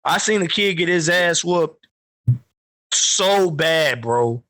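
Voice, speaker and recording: A man from Chicago co-hosting a podcast, telling profane, animated stories in casual chat. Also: on the high side, takes it slowly. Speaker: podcast co-host.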